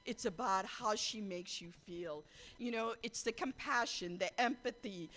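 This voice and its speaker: A middle-aged woman from India, telling a lively anecdote to an audience, laughing and acting out the quotes. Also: medium pitch. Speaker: speaker at a political caucus event. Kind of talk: storytelling speech to an audience.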